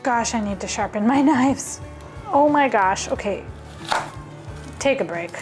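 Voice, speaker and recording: A woman with a slightly high voice and lively intonation chats enthusiastically in her home kitchen for a casual cooking vlog. She speaks at a measured pace over music, thinking out loud as she cooks.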